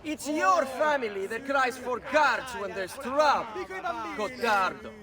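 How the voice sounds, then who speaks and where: An actor voicing an arrogant, hostile young rival nobleman, sneering and shouting insults. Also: very high voice, expressive, measured pace. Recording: distant game voice with crowd.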